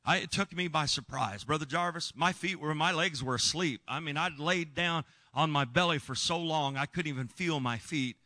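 Man, preacher, earnest, emphatic, bright tone, dry sound. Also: a little high, normal speed, few pauses, no room sound. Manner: earnest, emphatic, shouts when reliving moments. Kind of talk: sermon storytelling.

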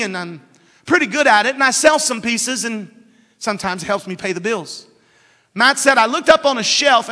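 A man preaching a sermon, telling a story and building up to shouted, fervent lines. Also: extremely high pitch. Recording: long reverb of a hall.

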